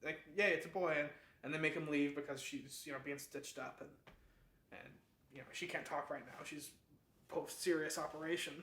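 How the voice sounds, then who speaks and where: A man's voice: on the high side, flat delivery, normal speed, a bit bright, slight background noise. A man hosting a book club, retelling a novel's plot in a casual, chatty way, full of fillers and restarts. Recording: echoey room.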